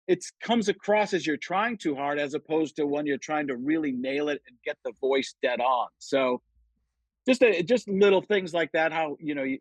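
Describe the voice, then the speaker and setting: A middle-aged man, a comedian guest on a podcast, chatting casually and telling stories with lively quoted voices. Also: fairly high pitch, no echo, poor audio. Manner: animated storytelling, jumps into quoted voices. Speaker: guest impressionist.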